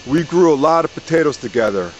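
A man voicing a simple, earnest farmer in a told story, speaking slowly and plaintively. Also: fairly high pitch, lively intonation, highs cut off, a little hiss or hum, lightly acted.

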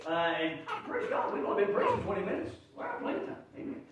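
A male pastor, preaching a folksy sermon that swells into shouted emphasis. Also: sits high, animated, quick pace, a loud crowd. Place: church sanctuary. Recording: very echoey room, from far off.

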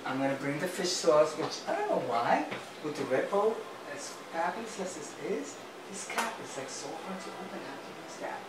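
A woman's voice: sits low, very animated, a little fast. A woman hosting a cooking show, chatty and flamboyant, talking viewers through a recipe in her kitchen. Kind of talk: cooking demonstration. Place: home kitchen. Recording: roomy kitchen, distant mic, noisy.

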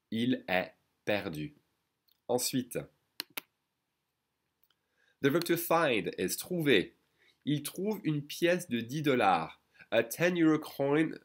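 A man teaching a lesson in English, explaining patiently and repeating phrases slowly while checking in with "okay?" and "d'accord?". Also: lowish voice. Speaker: French teacher. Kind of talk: online language lesson.

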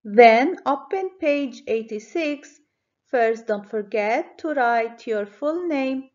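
A woman teacher giving a children's phonics lesson, speaking clearly and encouragingly. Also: on the high side, lively intonation, a little mellow, highs cut off. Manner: slow, clear, encouraging classroom delivery.

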